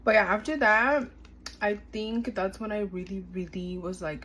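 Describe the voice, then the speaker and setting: A woman's voice: medium pitch, steady tone, normal speed, a bit bright, a little hiss or hum, low-quality recording. Chatty young woman telling a story. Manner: chatty, filler-heavy, acts out quoted dialogue. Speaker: storytime vlogger. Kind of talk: casual storytime chat.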